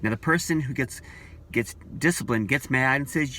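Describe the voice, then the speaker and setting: A man's voice: medium pitch, animated, moderate pace, pushed and bright, slight background noise. A man vlogging about church leaders, talking in an earnest, repetitive, preachy way. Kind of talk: casual opinion vlog.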